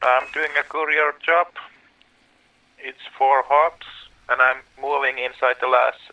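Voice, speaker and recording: A man joining a game session remotely, asking flat, matter-of-fact questions. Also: medium pitch, measured pace, far from the mic, poor audio. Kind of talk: casual gaming chat.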